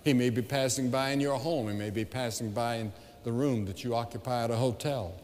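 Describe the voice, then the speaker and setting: A man evangelist delivering a revival sermon to a large crowd, emphatic and building to loud appeals, recorded live in an arena. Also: mid-range voice, fairly even intonation, fairly quick. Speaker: evangelist preacher. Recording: long hall reverb, live event.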